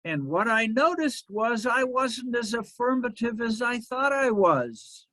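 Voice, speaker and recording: A man with a fairly high voice preaches in a slow, deliberate rhythm. He lets his phrases settle with pauses between them. His voice is close and dry, with no room sound. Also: sing-song, pushed and bright, dry recording. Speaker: minister. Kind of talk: sermon.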